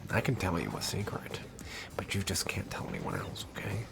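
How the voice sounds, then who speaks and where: A man's voice: low voice, very animated, moderate pace, creaky, in a whisper, heavily acted. A man voicing the Joker as a menacing, grinning villain, taunting and conspiratorial.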